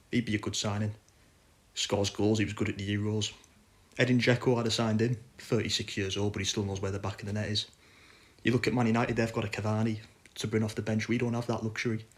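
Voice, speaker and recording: Frustrated man ranting. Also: fairly low pitch. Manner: frustrated, blunt, swears. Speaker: football fan podcaster. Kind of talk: casual ranting chat.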